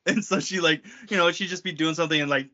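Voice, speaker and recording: A man's voice: on the high side, steady tone, fast, bright, forceful tone, highs cut off. A man co-hosting a podcast in casual chat, joking and bantering playfully. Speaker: podcast co-host.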